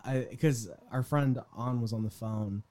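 A man's voice: mid-range voice, fairly even intonation, a little slow, dark tone. Easygoing young man, laughing often. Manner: easygoing, laughs often, trails off mid-sentence. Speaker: podcast co-host. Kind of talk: casual chat.

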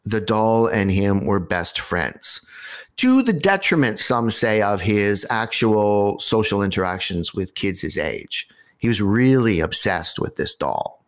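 A man with a somewhat low voice hosts a chatty podcast, spinning a creepy story for his co-host. He tells it with relish and drops dry little jokes along the way. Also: unhurried. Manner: animated storyteller with wry asides. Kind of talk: casual storytelling chat.

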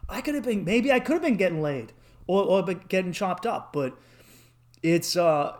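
A young man telling travel stories in casual chat, rambling and swearing, acting out the people he quotes in a high voice. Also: lively intonation, moderate pace, a little mellow.

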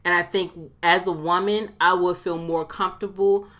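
Woman, lowish pitch, bright sharp tone, chatty, frank opinions, casual podcast. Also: level tone, moderate pace. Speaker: podcast co-host.

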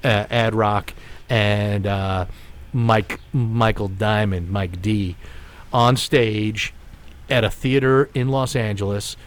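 A man in his forties telling a long story in casual podcast chat, with restarts and animated asides. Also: lowish voice, slow pace. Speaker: podcast host.

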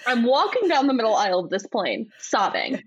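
Animated woman telling a travel story. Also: fairly high pitch, a little fast, breathy edge, dry recording, lo-fi sound. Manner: animated, acts out voices in her story; laughs often while telling. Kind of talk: casual chat.

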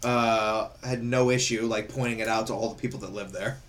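A young man chatting casually, telling profane, animated stories with bursts of laughter. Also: on the low side, fairly quick. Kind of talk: casual chat.

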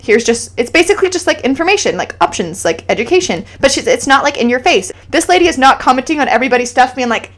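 A woman co-hosting a podcast, chatty and reflective, thinking out loud with lots of fillers. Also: high voice, expressive, quick pace, hardly any pauses. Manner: chatty, reflective, talks through her thoughts with fillers. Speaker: podcast co-host. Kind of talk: casual chat.

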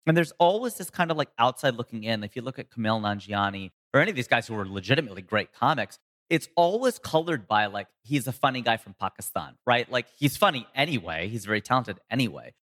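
A comedian and voice actor in a casual interview, telling stories with sudden jumps in pitch for emphasis. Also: male voice, very animated, fast talker, a bit bright, in a large hall.

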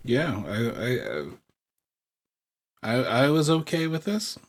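A man's voice: medium pitch, very animated, slow. A man co-hosting a podcast in casual chat, with dry, jokey remarks. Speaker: podcast co-host.

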